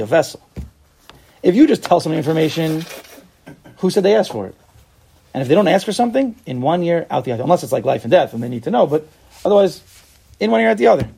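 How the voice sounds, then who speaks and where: A man teaching a casual Torah class, animated, acting out little dialogues and asking rhetorical questions. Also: fairly high pitch, vocal fry, a little hiss or hum.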